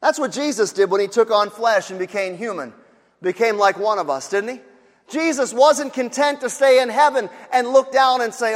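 Male pastor, very high voice, sermon delivery with repeated phrases, long hall reverb. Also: animated, moderate pace. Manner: repeats key phrases, acts out sighing bystanders.

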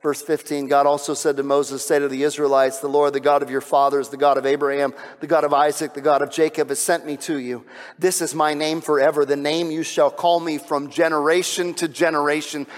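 Conversational preacher in a reverberant hall. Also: male voice, a little high, fairly even intonation, fairly quick. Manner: conversational preaching, drops to a hush on solemn lines, builds loud on climaxes. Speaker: pastor. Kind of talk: sermon.

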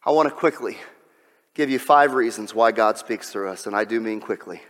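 A man delivering a sermon, swinging between loud exhortation and hushed, almost whispered passages. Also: lowish voice, moderate pace. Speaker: pastor. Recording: long reverb of a large hall.

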